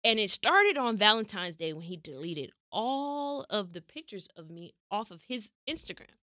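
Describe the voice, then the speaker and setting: A young adult woman from California hosts a podcast, telling a personal story in casual chat with her mid-range voice at a moderate pace. She's animated and acts out the quoted dialogue, and the recording is dry and of studio quality.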